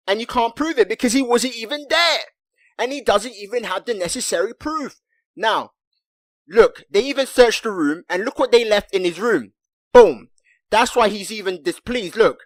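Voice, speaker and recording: Excitable man recapping anime, dry sound. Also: sits high, no room sound. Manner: excitable, repeats himself, keeps addressing viewers with "look" and "guys". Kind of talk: casual commentary over anime clips.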